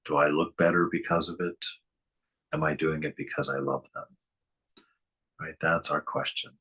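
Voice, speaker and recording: A man giving a reflective spiritual talk as a teacher, speaking gently, asking many rhetorical questions and chuckling often. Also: rumbling low, flat delivery, normal speed, breathy edge.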